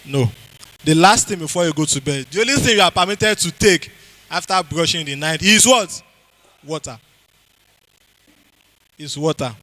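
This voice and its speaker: A man's voice: a little high, expressive, moderate pace, pauses often, pushed and bright, low-quality recording. A man with a Nigerian accent giving a health talk to a church congregation, quizzing the audience and repeating key phrases. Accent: Nigerian English.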